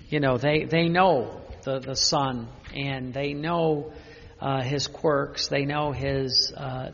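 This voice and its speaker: An older man, a priest, giving an unscripted spiritual talk with personal stories, speaking haltingly with many restarts and fillers. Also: mid-range voice, a bit bright, in a large hall, lo-fi sound.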